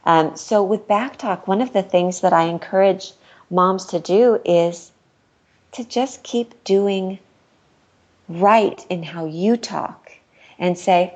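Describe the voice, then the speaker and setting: A woman's voice: medium pitch, measured pace, a little mellow. A woman author, a guest in a conversational interview, speaking earnestly and acting out what she says to her kids. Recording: dull lo-fi recording.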